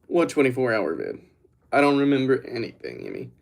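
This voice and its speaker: A man's voice: medium pitch, wildly swooping pitch, a little fast, gravelly. Man chatting casually on a livestream. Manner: rambling, joking, talks straight to chat. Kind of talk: casual livestream chat with viewers.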